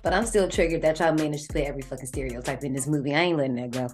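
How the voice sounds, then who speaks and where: A woman's voice: deep voice, racing, faint music behind. A woman co-hosting a film podcast, chatting casually, teasing and swearing freely. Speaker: podcast co-host. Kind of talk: casual chat and film review.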